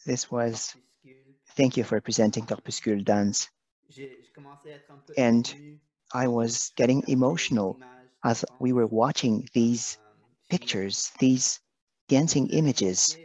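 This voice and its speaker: A man speaking on a video call, halting and emotional, pausing and apologizing as he talks. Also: mid-range voice, darkish tone. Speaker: guest presenter. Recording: dull lo-fi video call audio.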